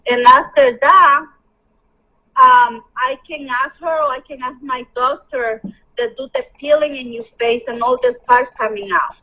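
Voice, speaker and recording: A woman's voice: high voice, expressive. Caring mother on a lo-fi call. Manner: caring, slow and halting, advising.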